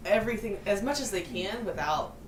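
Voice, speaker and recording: A woman's voice: medium pitch, animated, fairly quick, roomy sound, background noise. A woman co-hosting a casual podcast chat, talking in rambling runs with many fillers and restarts. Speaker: podcast co-host.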